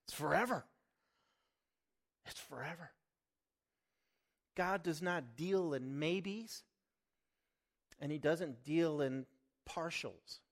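A man's voice: fairly high pitch, takes it slowly. A middle-aged man preaching a sermon, earnest and emphatic, with sudden swells and drops in volume. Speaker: lay preacher.

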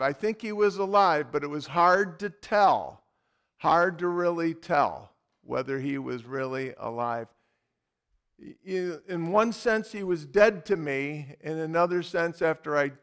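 A man preaching a sermon as pastor, telling a story in an animated, dramatic way. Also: on the high side, clean tone.

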